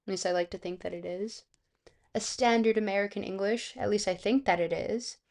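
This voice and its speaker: A young woman from South Florida, streaming and chatting casually, with vocal fry and a slightly hoarse, sick voice, rambling with lots of fillers. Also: lowish voice, a little fast, mellow. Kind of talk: casual live-stream chat. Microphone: close streaming microphone.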